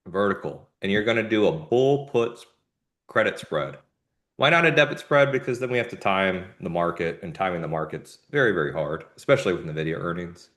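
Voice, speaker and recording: A man's voice: sits low, fairly quick. A man hosting a live trading show, giving casual market commentary in jumpy bursts with slangy asides. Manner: animated, jumpy delivery with sudden emphatic bursts.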